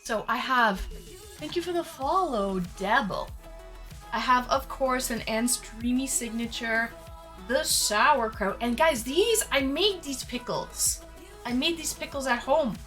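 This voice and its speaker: A woman's voice: sits high, unhurried, a bit bright. A woman live-streaming, chatting casually with her viewers, greeting them by name and laughing a lot. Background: faint background music.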